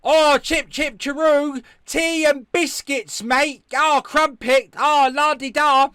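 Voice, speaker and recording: A Welsh man putting on a loud, exaggerated impression of an American faking a posh British accent, drawing out cliché phrases. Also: extremely high pitch, fairly even intonation, takes it slowly, no echo, clean studio sound, pitched above the performer's own voice, exaggerated voice. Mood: mocking.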